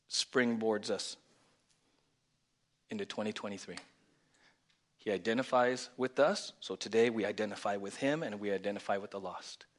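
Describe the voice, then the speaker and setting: A male pastor preaching a lively sermon, swinging from loud exclamations to hushed near-whispers and calling for congregation responses. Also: fairly low pitch. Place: church.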